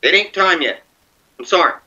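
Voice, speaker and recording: A man with a high, bright, lively voice rants with angry, profane scorn. He sits well back from the microphone. The recording is dull and muffled. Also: moderate pace, distant mic. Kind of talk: ranting monologue.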